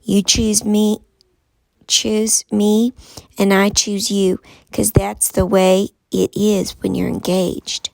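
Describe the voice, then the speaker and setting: A woman's voice: mid-range voice, flat delivery, slow, creaky, a little mellow, dry recording. A woman voicing a prim young schoolgirl in a read-aloud storybook, with a lilting, raised voice. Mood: devoted.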